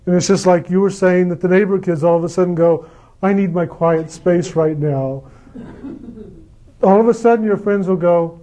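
A man giving a gentle, repetitive spiritual talk about meditation and enthusiasm. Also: high voice, normal speed. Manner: gentle, repetitive, acts out quoted lines with mock enthusiasm. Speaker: spiritual speaker.

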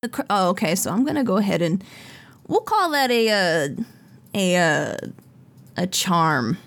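A woman game master narrating a tabletop game in an unhurried, descriptive way with many fillers. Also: mid-range voice, big pitch swings, fairly bright tone, no echo.

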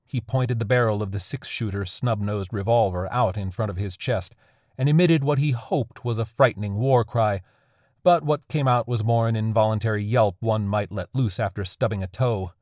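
A man narrating a dark horror story in a steady, measured way. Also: fairly low pitch, no echo, studio quality.

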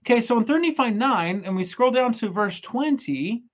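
A young man giving a casual, energetic scripture lesson, retelling stories in a chatty, playful way. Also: very high-pitched, moderate pace, dull audio. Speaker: scripture study presenter.

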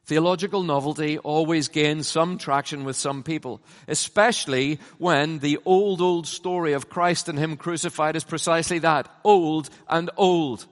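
A middle-aged man preaching from a stage in a large conference hall, his voice sitting a little high for a man. He is emphatic, pushing up to loud passionate peaks, then sinking low and quiet to land a point. A long reverb trails after each phrase. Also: moderate pace, few pauses. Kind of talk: conference sermon.

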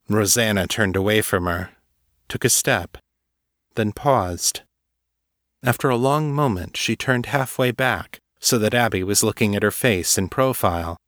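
Give me a low-voiced man reading a story in a measured way. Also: fairly bright tone, no echo, clean studio sound. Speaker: narrator. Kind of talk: serial fiction reading.

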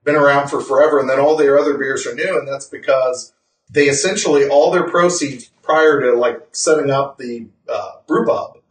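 A man's voice: medium pitch, moderate pace, recorded from a distance. Rambling man, roomy and off-mic. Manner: rambling, laughs often, self-correcting. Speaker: podcast co-host. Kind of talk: casual chat.

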